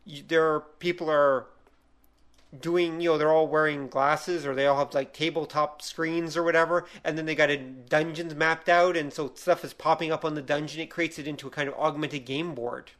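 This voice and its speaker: A man's voice: on the high side, steady tone, normal speed, fairly bright tone. A man co-hosting a podcast, talking casually and rambling with fillers. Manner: rambling, hesitant. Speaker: podcast co-host. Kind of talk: casual chat.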